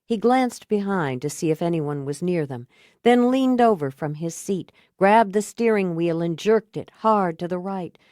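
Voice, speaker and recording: A woman with a fairly low voice narrates a thriller audiobook, telling the story in a measured, even way. The scripted reading is studio quality, with no room sound.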